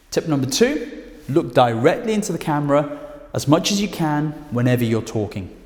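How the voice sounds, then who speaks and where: A man with a British accent teaching presentation skills straight to camera, speaking emphatically with lively intonation. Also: medium pitch. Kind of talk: direct-to-camera instructional talk. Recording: echoey room with long reverb.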